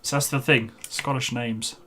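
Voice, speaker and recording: A man's voice: medium pitch, steady tone, moderate pace, fairly bright tone, a little hiss or hum. Chatty rambling male streamer. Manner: rambling, chatty, laughs often at his own stories. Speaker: game streamer. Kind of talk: casual chat while gaming.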